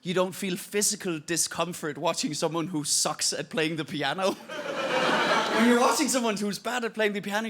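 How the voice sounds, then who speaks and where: A man's voice: high-pitched, moderate pace, heavy background noise. A Danish man speaking with an Irish accent, performing a self-deprecating stand-up set on stage. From Denmark. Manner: self-deprecating, acts out voices. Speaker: stand-up comedian. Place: comedy stage before a live audience. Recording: live stage mic over loud laughing crowd.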